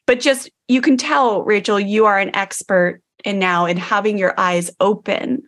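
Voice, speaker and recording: A woman hosts a podcast in a casual, chatty way and leans on fillers. She breaks into bright, animated quotes of her own thoughts. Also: medium pitch, measured pace. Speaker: podcast host. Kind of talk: casual chat.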